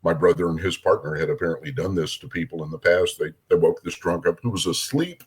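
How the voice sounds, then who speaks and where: Low husky-voiced man telling stories. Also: fast. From Minnesota. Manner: animated, acts out voices in his anecdotes. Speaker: guest police officer. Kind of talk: casual storytelling.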